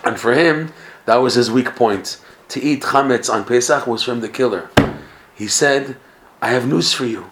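A man teaching a Torah class, telling a story with lively feeling and mixing in Hebrew and Yiddish terms. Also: mid-range voice, moderate pace, noisy background. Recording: echoey room.

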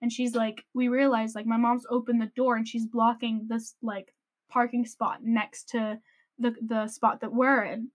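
A young woman co-hosting a podcast, telling a story in a casual, animated way with lots of "like" and laughter. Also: a little high, moderate pace. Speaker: podcast co-host.

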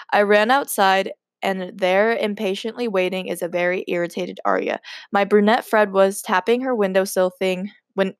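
A woman's voice: medium pitch, no room sound, clean studio sound. A woman hosting a podcast, reading her old story aloud and breaking in with giggly, self-mocking asides. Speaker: podcast host.

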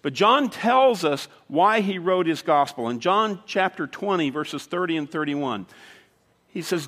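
Pastor preaching in an echoing sanctuary. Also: male voice, sits high, animated, measured pace, fairly bright tone. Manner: storytelling, conversational with dramatic emphasis. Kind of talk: sermon. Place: church sanctuary. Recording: long reverb of a large hall.

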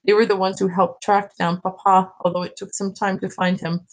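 A woman reading as a gentle old grandmother. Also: mid-range voice, flat delivery, fairly quick, lightly acted, rough recording. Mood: tender. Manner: soft, tender storytelling. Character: elderly grandmother, gentle and kindly. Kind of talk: reading aloud from a novel.

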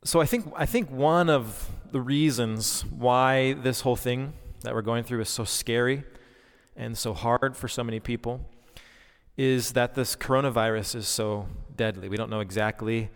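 A man's voice: medium pitch, moderate pace, clean tone. A man in his thirties preaching a sermon, earnest and conversational, with frequent fillers and restarts. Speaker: pastor. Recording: long reverb, hall-like.

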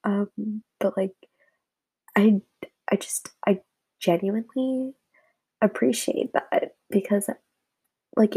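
Young woman, tearful heartfelt vlog message, halting half-whispered delivery; slow, breathy. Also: mid-range voice, mellow, low-quality recording. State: tearful, close to crying. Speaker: vlogger addressing friends. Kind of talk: heartfelt casual message to friends.

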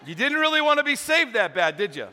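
A man preaching a sermon to a large auditorium, animated and joking with the crowd. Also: very high-pitched, fast talker. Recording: long hall reverb.

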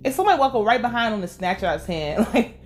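A woman casually recapping a TV episode, animated and profane, laughing as she tells it. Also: on the high side, fast talker, slight background noise. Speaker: show recap vlogger.

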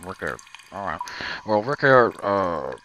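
A man in a deadpan, drawling comedy bit, his voice pressed right up against the microphone. His tone is very bright and cutting, pitched a little low. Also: measured pace, poor audio. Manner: deadpan, drawling, speaks too close to the mic. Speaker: comedy sketch performer. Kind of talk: absurd improvised comedy bit. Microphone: very close to the mic.

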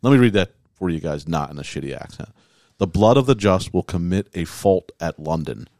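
A man's voice: low-pitched, expressive, brisk, a little mellow, no room sound, studio quality. A man hosting a casual podcast chat, reading old prophecies aloud and breaking them down in a loose, joking way with many fillers and restarts. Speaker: podcast host.

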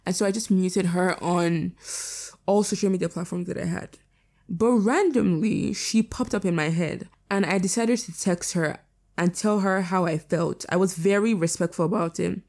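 A woman's voice: fairly low pitch, a little mellow. A teenage girl giving blunt, sassy advice in a casual vlog, swearing freely. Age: teens. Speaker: vlogger.

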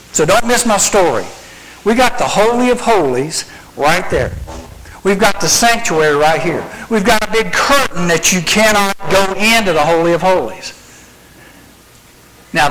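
A man preaching to a youth gathering, acting out scenes as he goes. His voice sits fairly high, and he keeps tossing out rhetorical questions. There is a faint hum of background noise behind him. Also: fairly bright tone, low-quality recording. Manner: dramatic storytelling with rhetorical questions; acts out scenes with a live demonstration. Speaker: youth speaker. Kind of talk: youth sermon.

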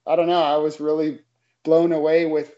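A man telling a story in casual chat, earnest and a little halting. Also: fairly high pitch, monotone, dark tone, lo-fi sound.

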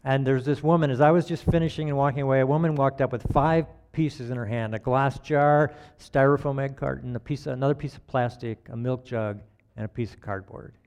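A man giving a relaxed, conversational sermon, telling everyday stories in a folksy way and chuckling at himself. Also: medium pitch, brisk, hardly any pauses.

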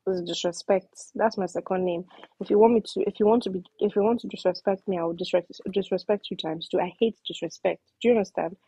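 Young Nigerian woman, animated storyteller; husky, dark tone. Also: mid-range voice, fast, poor audio. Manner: animated, switches into pidgin, acts out shouting. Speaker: storyteller in group chat. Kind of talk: casual storytelling.

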